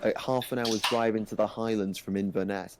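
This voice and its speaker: A man's voice: on the low side, fairly even intonation, fairly quick, background noise. A man chatting casually on a livestream, rambling with frequent restarts. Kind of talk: casual chat.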